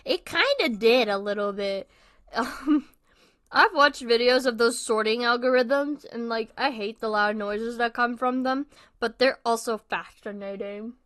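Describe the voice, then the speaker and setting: A woman's voice: on the high side, unhurried, a bit bright. A young woman streaming a horror game. She reads the on-screen text aloud and rambles in a casual, self-deprecating way while eating dinner.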